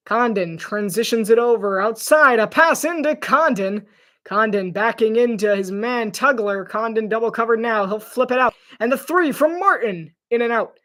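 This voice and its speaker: A man calls a basketball game alone as an amateur play-by-play commentator. His voice jumps up with excitement on the big plays, and he sometimes stumbles over the players' names. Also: sits high. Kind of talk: amateur live sports commentary.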